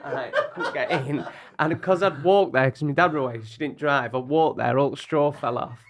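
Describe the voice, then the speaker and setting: A man's voice: a little high, moderate pace, crowd noise. A man, co-hosting a podcast and telling stories in a chatty, slangy way with swearing. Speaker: podcast co-host. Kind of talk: casual podcast chat and storytelling.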